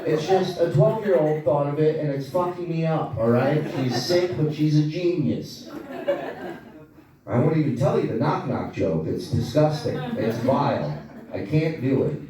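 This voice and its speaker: Male club comic, crude and lively, recorded from a distance on a reverberant stage. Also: on the high side, measured pace. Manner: profane, animated storytelling with crowd asides. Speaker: stand-up comedian. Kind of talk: stand-up comedy set. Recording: echoey club audio from far off. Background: small audience laughing.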